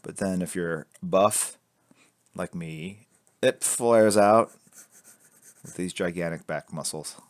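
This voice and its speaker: With a camera fixed to his drawing board indoors, a man streams a live lesson, sketching and explaining construction lines while joking and reading chat aloud. He speaks unhurriedly in a low voice with fairly even intonation, and the studio-quality audio has no echo.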